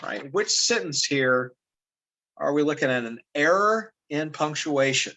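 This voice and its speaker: A man's voice: fairly high pitch, expressive, measured pace, sharp tone, poor audio. A man teaching an online language arts class, talking loosely with many fillers and frequent "right?" checks to students. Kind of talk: casual classroom teaching over a lesson video.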